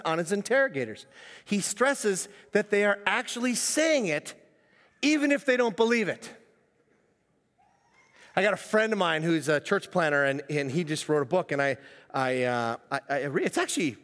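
A man preaching a sermon as pastor, in an animated, jokey way with frequent laughs, recorded in a church hall. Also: high voice. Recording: long echo of a church hall.

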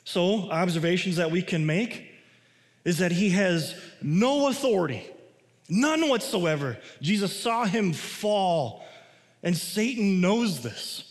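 A pastor giving a sermon, mixing casual asides and restarts with slow, stressed phrases. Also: male voice, sits high, lively intonation, long reverb tail.

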